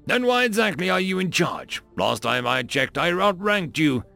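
A man's voice: sits high, very animated, normal speed, creaky, pushed and bright, soft background music, voice pushed up, full character voice. A man voicing a stern, proud human general who gives firm commands in a storybook reading.

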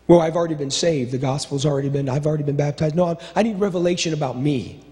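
A man's voice: fast, mellow. Man preaching in a reverberant hall. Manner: impassioned, repetitive preaching with sudden drops to low asides. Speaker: pastor. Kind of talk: sermon. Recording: long reverb of a large hall.

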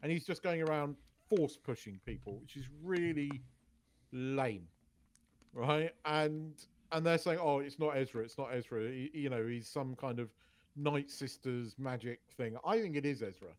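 A man co-hosting a casual pop culture podcast, talking in a halting way with many restarts. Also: mid-range voice. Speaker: podcast co-host. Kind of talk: casual chat.

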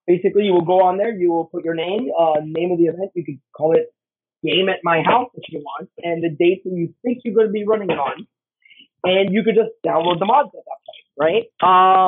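A man's voice: high voice, dry recording. A middle-aged man, a game designer guest, telling stories in casual chat and acting out the voices in them. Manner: animated, acts out voices in anecdotes. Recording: husky voice over tinny phone line, dry.

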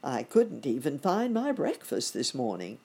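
A woman voicing a kindly, hopeful old gentleman rabbit with gentle exclamations. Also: very deep voice, wildly swooping pitch, measured pace, creaky, breathy edge, heavily acted. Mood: mild.

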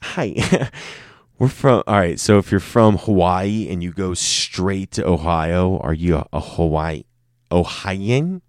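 A man's voice: deep voice, takes it slowly, no echo, clean studio sound. A young man talking in a rambling, joking, profane monologue, poking fun at himself. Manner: joking, profane, self-mocking.

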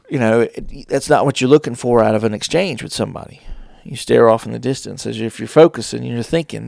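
A man hosting a casual advice talk, with deliberate pauses and playful shifts of tone. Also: mid-range voice, gravelly, a little mellow, no echo, clean studio sound. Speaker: host.

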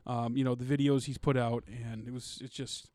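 A man in casual podcast chat, talking excitedly in slangy, loose phrasing. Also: mid-range voice, moderate pace, no room sound, studio quality.

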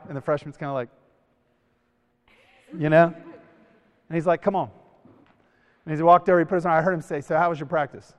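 A man giving an animated sermon to young people, telling stories and acting out the voices of the people in them. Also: a little high, fast, in a large hall. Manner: animated storytelling, acts out quoted voices. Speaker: youth speaker. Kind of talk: sermon to a youth camp.

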